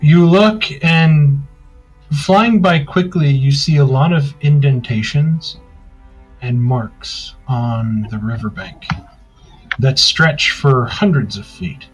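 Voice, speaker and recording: A man in mid pitch narrates a tabletop game as game master, describing scenes to the players in the second person. His pace is unhurried and his delivery steady, with faint music underneath. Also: slightly rough, rough recording.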